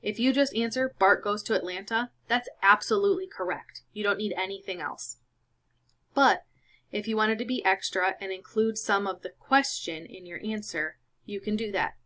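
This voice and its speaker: A woman's voice: medium pitch, moderate pace, fairly bright tone. A woman teaching a Spanish lesson over a screen recording, patient and explaining each step.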